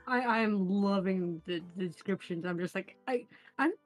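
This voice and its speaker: A woman's voice: medium pitch, normal speed, faint music behind. A woman listening in as a guest, chatting casually with a hesitant, stammering manner. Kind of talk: casual chat.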